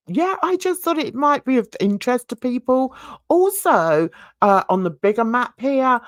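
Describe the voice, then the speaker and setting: A woman talks to her channel in a chatty, rambling way, stopping for asides and questions to her viewers. Her pitch moves all over the place. The sound is close and dry, with no room echo. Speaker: YouTube commentator. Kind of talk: casual chat to camera.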